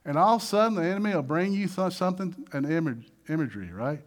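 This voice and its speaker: Animated preaching man, high lively voice. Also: fast. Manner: animated, acts out voices, swings loud and soft. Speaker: pastor. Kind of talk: sermon.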